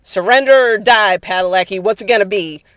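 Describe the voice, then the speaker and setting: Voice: mid-range voice, moderate pace, no room sound, lightly acted. A narrator voicing a tough female bounty-hunting boss in a spoken story, giving blunt orders. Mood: forceful. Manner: commanding, blunt.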